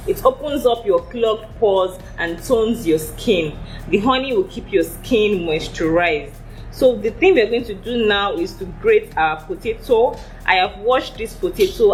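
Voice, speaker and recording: A woman vlogger walking viewers through a homemade skincare recipe in a steady, instructive tone. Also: mid-range voice, slight background noise, poor audio. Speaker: beauty vlogger.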